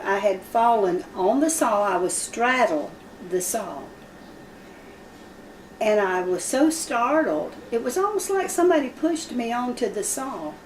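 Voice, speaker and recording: A woman's voice: fairly high pitch, lively intonation, unhurried, slight background noise. A woman teaching a Bible study, telling a personal story vividly and acting out the voices of the people in it. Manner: vivid, acts out quoted speech. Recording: roomy sound from a distant mic.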